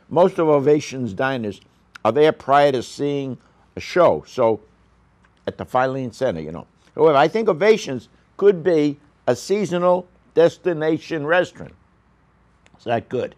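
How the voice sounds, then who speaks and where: A man's voice: fairly high pitch, animated, moderate pace, a little mellow. Rambling man reviewing restaurants. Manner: rambling, with frequent fillers and coughs. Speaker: restaurant reviewer on a local news show. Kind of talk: casual spoken restaurant review.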